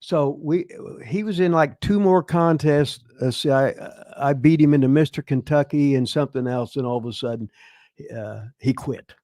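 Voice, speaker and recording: A man's voice: medium pitch, normal speed, darkish tone, dry recording, clean studio sound. Older man telling profane rambling stories. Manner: profane, rambling, laughs through his stories. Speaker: host. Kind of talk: casual storytelling.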